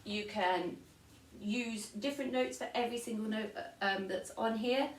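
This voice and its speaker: A woman's voice: fairly high pitch, moderate pace, recorded from a distance. Woman teaching music in an echoey room. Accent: English. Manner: patient, demonstrates by singing and counting aloud. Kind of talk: recorded online music lesson.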